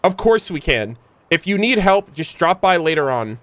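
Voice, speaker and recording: A man reading aloud the calm lines of a young woman who brokers secrets, in his own plain voice. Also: on the high side, normal speed, no room sound.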